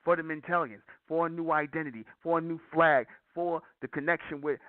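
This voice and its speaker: A man's voice: a little high, fairly even intonation, brisk, dry recording. A man hosting a call-in show, lecturing his listeners in an emphatic, repetitive way. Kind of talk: preachy call-in monologue. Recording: tinny phone-like line.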